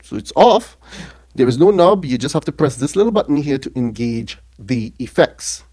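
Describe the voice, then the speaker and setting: A man's voice: mid-range voice, expressive, normal speed, mellow. Casual man demoing gear into a mic. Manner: loose and conversational, checks in with the viewer after nearly every phrase. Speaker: product reviewer. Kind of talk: casual hands-on gear demo. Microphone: speaking into a studio mic run through the mixer being tested.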